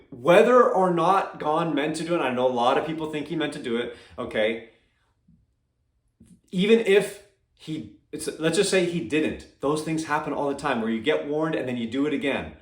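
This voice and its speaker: Emphatic man with a fairly high voice, echoey room. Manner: emphatic, repeats "all right?" and "okay?". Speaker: MMA commentator. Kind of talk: casual opinion commentary.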